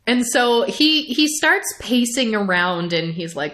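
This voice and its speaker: A young woman co-hosting a podcast, recapping a show in a casual, animated way, laughing often and restarting her sentences. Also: fairly high pitch, unhurried. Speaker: podcast co-host.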